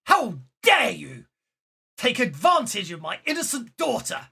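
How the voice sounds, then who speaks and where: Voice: medium pitch, lively intonation, slow pace, breathy edge, exaggerated voice. A game master doing a furious, indignant father. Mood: outraged. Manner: loud, indignant.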